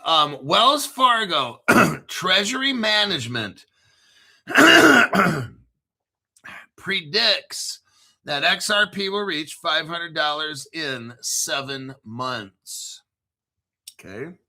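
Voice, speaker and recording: A man's voice: on the high side, big pitch swings, extremely slow, vocal fry, long pauses, bright, forceful tone. A man in his fifties hosting a crypto video, ranting casually in a blunt, profane, combative way and repeating himself for emphasis.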